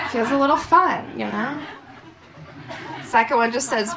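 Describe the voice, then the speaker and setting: A woman in her thirties working a comedy club stage, brash and loud, often breaking into shouts. Her voice sits high. The live recording carries clear room noise behind her. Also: measured pace, long pauses. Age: 30s. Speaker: stand-up comedian. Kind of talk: stand-up comedy set. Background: crowd laughter and room noise.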